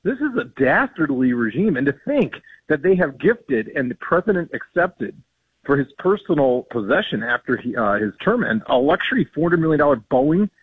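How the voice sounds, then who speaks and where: A man's voice: fairly high pitch, sing-song, normal speed, breathy edge, dry recording. A man speaking as a guest on a phone-in radio interview, earnest and indignant, with many ums and restarts. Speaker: policy guest. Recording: tinny phone line.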